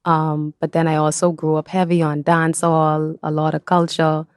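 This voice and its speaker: A woman's voice: low voice, completely flat delivery, normal speed, no echo, studio quality. A young woman from the Bahamas with a Bahamian accent, chatting animatedly and laughing as a podcast guest. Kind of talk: casual chat.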